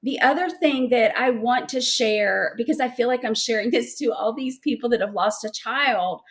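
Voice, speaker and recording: A middle-aged woman with a slightly high voice speaks as a guest in an interview, sharing a heartfelt personal testimony. She talks emotionally and haltingly, often repeating words as she searches for what to say next.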